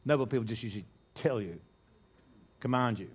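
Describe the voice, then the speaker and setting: Speaking to his congregation in church, an older man delivers a conversational sermon in a husky, mid-range voice at a fairly quick clip. He often starts phrases over and throws out rhetorical questions.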